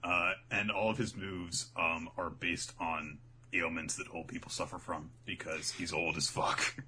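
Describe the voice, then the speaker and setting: A man co-hosting a casual chat, recapping a show in an animated, profane way. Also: sits low, a little slow, a little hiss or hum. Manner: animated, profane, laughs often. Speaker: co-host.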